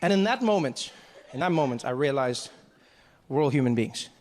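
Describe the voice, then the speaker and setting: A man's voice: medium pitch, moderate pace. A male stand-up comedian telling a story on a comedy stage. He talks into a handheld stage mic and acts out the people in his story. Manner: animated, acts out characters. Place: comedy stage before a live audience.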